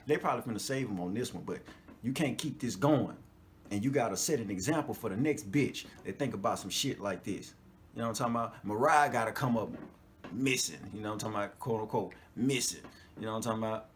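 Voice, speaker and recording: A podcast host with a lowish voice delivers a casual, profane monologue over slight background noise. He is animated, laughs often, checks in with his listeners, and keeps saying "you know what I'm talking about."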